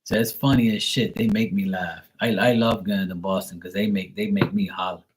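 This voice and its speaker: A man's voice: on the low side, fairly even intonation, normal speed. A man chatting casually on a live stream, loose and profane, often laughing as he talks. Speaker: live tarot reader and streamer.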